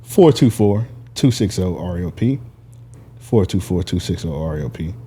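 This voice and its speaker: A man's voice: low-pitched, animated, moderate pace, dark tone, breathy edge. A man co-hosting a casual podcast, telling a long story full of "like" and laughing as he goes. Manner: storytelling, laughing, heavy use of "like". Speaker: podcast co-host. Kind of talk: casual chat.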